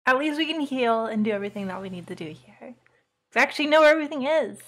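A woman live-streaming a game, sleepy from little rest and reacting with strings of quick repeated exclamations. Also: high-pitched, animated. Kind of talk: live gameplay commentary. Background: loud game music.

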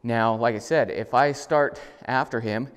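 Indoors in a house, a man demonstrates dog training in an unhurried, clean voice that trails off into a long reverb. He explains things casually and in a relaxed way, then breaks into high, loud, upbeat commands for his dog.

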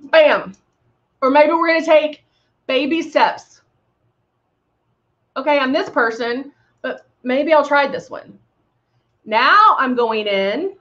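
A woman's voice: sits high, bright, forceful tone, muffled recording. A woman giving a live makeup tutorial, chatty and bubbly, throwing in playful sound effects as she works. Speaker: makeup demonstrator.

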